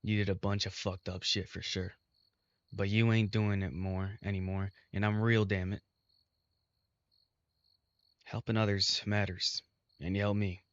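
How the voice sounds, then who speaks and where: A man voicing a rough young male minotaur who scolds bluntly and swears constantly. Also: fairly low pitch, flat delivery, unhurried, long pauses, no echo, highs cut off, close to an everyday voice. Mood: scolding.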